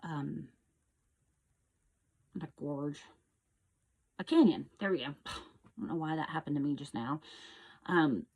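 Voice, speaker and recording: A woman hosting her own show, earnestly teaching about energy in a casual monologue with restarts, sometimes calling out loud echoing hellos. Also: sits low, a little slow, long pauses. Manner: earnest, repetitive, with restarts and loud echo demonstrations. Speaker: host.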